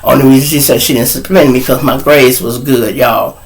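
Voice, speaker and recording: A middle-aged man, hosting his show and telling a profane, animated story straight to his audience. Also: medium pitch, normal speed, creaky. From Chicago. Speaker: show host. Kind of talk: storytelling monologue.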